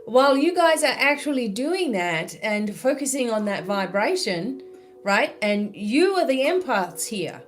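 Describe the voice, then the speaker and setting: A woman's voice: on the high side, very animated, measured pace, soft background music. An Australian woman speaking as a spiritual mentor in a live-stream monologue, chatty and full of "you know" and "right?".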